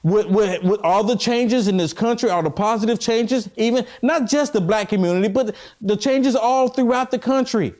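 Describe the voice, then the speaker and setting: A man co-hosting a casual political talk show, animated and preachy as he presses his point. His voice sits fairly high for a man. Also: normal speed, hardly any pauses. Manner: animated, preachy, drawing the listener in.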